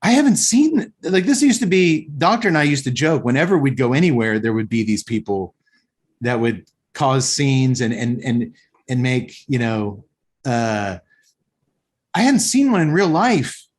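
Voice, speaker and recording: A man's voice: mid-range voice, a little slow, slightly rough. A man hosting a podcast, casually telling a story and acting out the people in it. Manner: animated, acts out voices. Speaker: podcast host.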